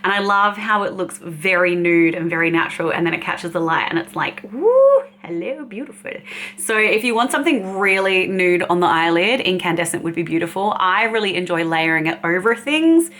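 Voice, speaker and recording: A woman's voice: lowish voice, fairly quick, few pauses, a bit bright. A woman beauty vlogger chatting casually and cheerfully as she swatches makeup, laughing often.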